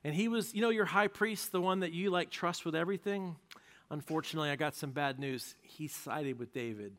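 A man's voice: on the high side, fairly quick, a bit bright, lightly acted. A man voicing a sly male servant who tells tales to the king in a gossipy, conspiratorial way. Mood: tattling.

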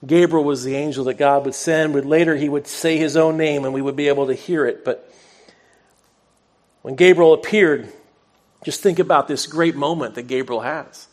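A man's voice: fairly high pitch, fairly even intonation, moderate pace. A pastor preaching a sermon, a man retelling a scripture story in an earnest, conversational way, with a bit of self-deprecating humor.

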